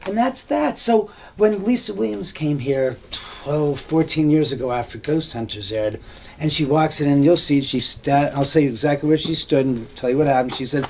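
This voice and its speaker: A man with a slightly raised pitch tells stories about his home in a lively, rambling way. He stops to play out other people's words in their voices and keeps circling back to his point. A faint noise sits under his voice. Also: normal speed. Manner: acts out quoted dialogue, rambling with restarts. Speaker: homeowner giving a tour. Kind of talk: animated storytelling.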